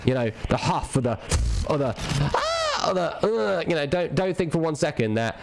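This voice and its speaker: A man's voice: on the high side, expressive, a little fast, creaky, heavy background noise. A young man streaming a game, ranting casually, profane and rambling with lots of restarts. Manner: rambling, profane, repeats himself.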